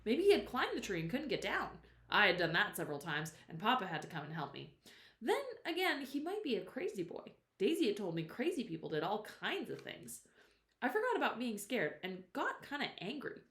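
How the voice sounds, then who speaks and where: Expressive woman reading a novel aloud. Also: mid-range voice, brisk. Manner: expressive, stops to explain words to listeners. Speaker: storyteller. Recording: roomy echo.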